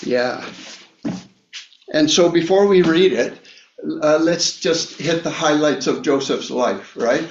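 A man preaching a Bible study sermon, talking slowly with many fillers and restarts. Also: fairly high pitch, slight background noise. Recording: echoey room, dull lo-fi sound.

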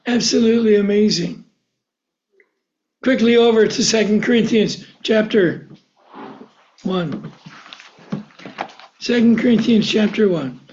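High-voiced preacher asking rhetorical questions. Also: male voice, a little slow, pauses often, darkish tone, lo-fi sound, a little hiss or hum. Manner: rhetorical questions, answering himself. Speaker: pastor. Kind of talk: sermon.

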